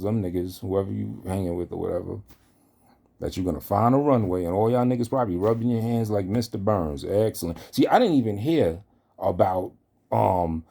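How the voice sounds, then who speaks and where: A man's voice: lowish voice, creaky, mellow. A man delivering a heated, profane callout rant, speaking straight at the person he confronts. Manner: confrontational, profane, addresses target directly. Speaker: online commentator.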